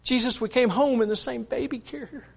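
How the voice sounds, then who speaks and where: A man voicing a grown man who sobs as he prays for his best friend, in a choked, pleading voice that rises high. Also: a little fast, gravelly, exaggerated voice. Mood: desperate pleading. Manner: choked, pleading, breaking into higher pitch.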